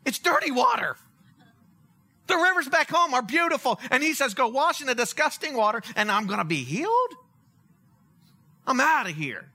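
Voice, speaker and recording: A preacher acting out a proud, huffy army commander. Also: male voice, very high-pitched, very animated, normal speed, pauses often, pushed and bright, voice pushed up, heavily acted. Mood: indignant. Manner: huffy, complaining. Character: proud indignant army commander, grown man.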